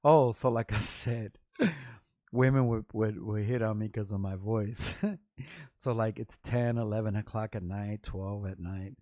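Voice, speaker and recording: A man's voice: fairly low pitch, unhurried, no echo. Rambling, slangy man telling stories. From Los Angeles. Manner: rambling, slangy, animated storytelling with restarts and quoted voices. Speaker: vlog host, rapper. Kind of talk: casual storytelling vlog.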